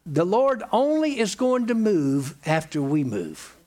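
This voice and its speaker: A man's voice: high voice, very animated, unhurried, crowd noise. A man preaching a sermon in an emphatic, folksy way, hammering points home by repeating them.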